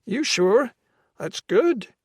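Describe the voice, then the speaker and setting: A man's voice: very high voice, very animated, very slow, husky, dry recording, clean studio sound, pitched above the performer's own voice, heavily acted. A man voicing a guarded, evasive Irish drug dealer with a thick brogue, reading a crime audiobook. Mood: wary.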